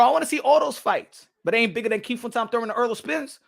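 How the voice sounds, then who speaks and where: A man hosting a boxing channel on a live stream, excitable and profane, swinging between loud outbursts and low muttering, with Spanish words mixed in. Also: fast talker, vocal fry, few pauses.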